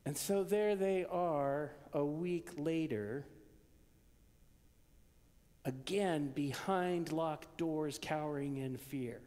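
A man preaching a sermon, swinging from loud, emphatic lines down to hushed whispers. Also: on the high side, slow pace, long reverb tail. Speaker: pastor.

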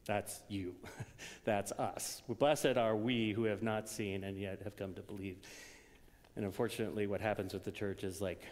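A man preaching a sermon, swinging from loud, emphatic lines down to hushed whispers. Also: on the low side, fairly even intonation, moderate pace, big-room sound. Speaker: pastor.

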